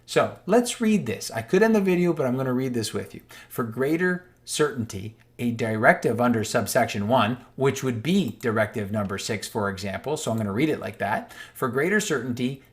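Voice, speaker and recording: A man's voice: mid-range voice, expressive, normal speed, few pauses. Emphatic man walking through a legal text. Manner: emphatic and repetitive, stressing key words; reads passages aloud, then restates them plainly. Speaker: online commentator. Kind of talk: explaining a legal document while scrolling on screen.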